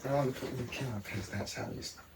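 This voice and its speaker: A man talking casually to his pet at home, low-key and half to himself. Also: rapid-fire, vocal fry. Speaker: home video maker. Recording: echoey room, far off, loud noise.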